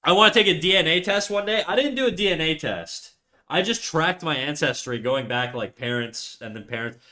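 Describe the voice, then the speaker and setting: A man's voice: on the high side, animated, fairly quick, bright, forceful tone. A man in his twenties with a French-Canadian accent, chatting casually and rambling while he draws on a livestream, swearing freely. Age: 20s. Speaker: livestreaming artist.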